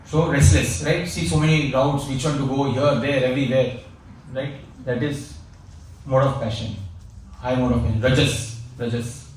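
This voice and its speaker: A man teaching an informal class, talking conversationally, repeating key phrases and pausing with fillers. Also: mid-range voice, steady tone, darkish tone. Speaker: spiritual teacher. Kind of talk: informal class lecture with anecdotes. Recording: echoey room, speaker far from mic, faint noise.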